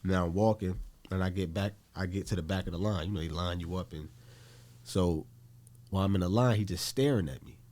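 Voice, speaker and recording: A man's voice: deep voice, a little fast, darkish tone. A man from Newark, New Jersey, a podcast guest telling a story in casual, blunt, profane talk and acting out the voices he quotes.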